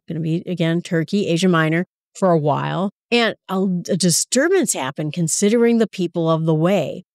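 A woman's voice: fairly low pitch, a little mellow, no echo, clean studio sound. A woman hosting a Bible study podcast, talking through scripture in a casual, conversational way with chatty asides and self-corrections.

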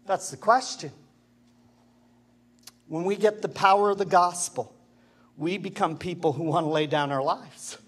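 A male pastor delivers an impassioned sermon, pressing the congregation with rhetorical questions. His voice sits fairly high for a man. He speaks at an unhurried, deliberate pace. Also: fairly bright tone, slightly rough. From Canada.

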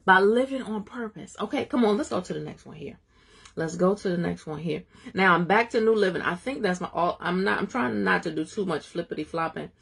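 Gravelly-voiced woman teaching a live Bible study. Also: fairly low pitch, brisk. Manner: exhorting, calls out to viewers by name.

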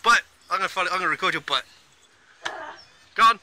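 A woman's voice: fairly low pitch, quick pace, pushed and bright, a little hiss or hum. A woman filming at home, laughing, teasing her friend and cooing at her dogs in baby talk. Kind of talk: casual home video chat.

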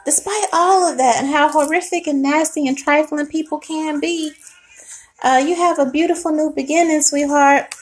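High-pitched woman, tarot reader, casual and emotional, swears a lot. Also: steady tone, normal speed. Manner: emotional, swearing, talks to the viewer as baby and sweetheart.

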